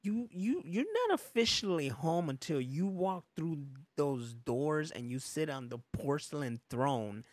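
A man's voice: a little high, unhurried, few pauses, no echo. A man hosting a podcast in loose casual chat, rambling, laughing often and swearing freely. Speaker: podcast host.

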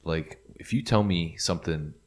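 A man's voice: deep voice, normal speed. A man co-hosting a podcast, laid-back and profane in casual chat, often repeating words. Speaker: podcast co-host.

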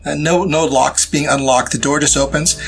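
A man narrating a tabletop horror game as game master, describing scenes in a relaxed, casual way. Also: on the high side, normal speed, vocal fry, faint music behind.

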